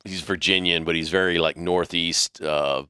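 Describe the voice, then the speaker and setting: A man hosting a podcast, telling a story in a casual, profane, animated way. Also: low voice, normal speed, clear, resonant tone, no echo, clean studio sound. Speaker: podcast host.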